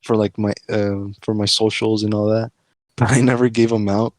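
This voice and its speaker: A man's voice: fairly low pitch, little pitch movement, normal speed, no echo. A young man guesting on a casual podcast, telling a story in an easygoing way with lots of fillers. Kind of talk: casual chat.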